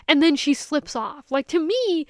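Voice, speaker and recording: A woman giving a casual, animated film review, ranting and acting out characters' lines as she goes. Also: high-pitched, a little slow, dry recording, clean studio sound. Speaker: movie reviewer.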